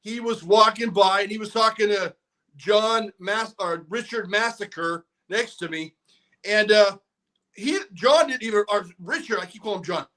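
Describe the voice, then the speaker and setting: A man co-hosting a casual podcast, talking excitably in laid-back slang. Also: high-pitched, moderate pace. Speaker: podcast co-host.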